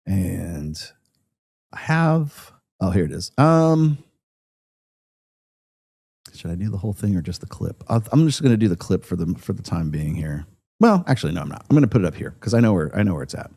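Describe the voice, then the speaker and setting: A man's voice: sits low, very animated, moderate pace, vocal fry, pauses often, darkish tone, husky, no echo, clean studio sound. A man hosting a casual commentary show, rambling with many restarts and laughing as he reacts to a video clip.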